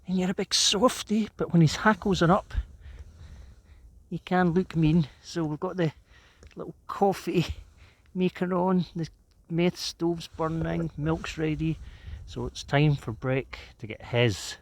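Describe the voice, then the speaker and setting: Relaxed Scottish man on a hilltop. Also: on the high side, slow. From Scotland. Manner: relaxed, chatty, savoring each moment. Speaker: outdoor vlogger. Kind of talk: casual outdoor vlog narration. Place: cold windswept hilltop outdoors.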